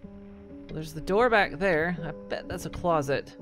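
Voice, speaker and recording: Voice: medium pitch, unhurried. A gamer giving curious, muttering let's play commentary, with casual swearing while exploring. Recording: voice over game music.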